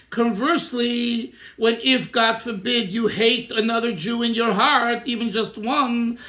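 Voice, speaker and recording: Male rabbi, very high, bright and forceful voice, reads Hebrew and explains it in English, recorded in an echoey room. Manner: reads Hebrew lines and explains them in English, breaks into song. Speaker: rabbi teaching a text. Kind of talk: Torah class, reading and translating a text.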